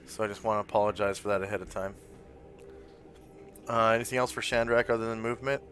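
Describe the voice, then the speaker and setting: A man's voice: fairly low pitch, steady tone, fast, fairly bright tone, a little hiss or hum. A man narrating a tabletop game as game master, hesitant and full of fillers.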